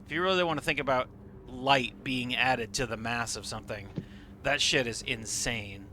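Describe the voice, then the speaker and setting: A man livestreams a game, explaining what he sees with enthusiasm and casual swearing as live gameplay commentary. His voice is medium-pitched, pushed and bright, at normal speed, with slight background noise.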